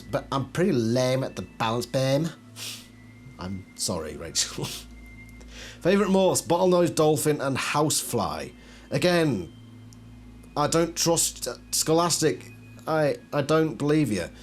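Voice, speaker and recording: A man hosting a video, reading out card texts and breaking off with wry, skeptical asides that trail off into quiet mutters. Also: medium pitch. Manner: wry, skeptical asides between read-out passages. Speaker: channel host reviewing collectible cards. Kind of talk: casual commentary mixed with reading aloud.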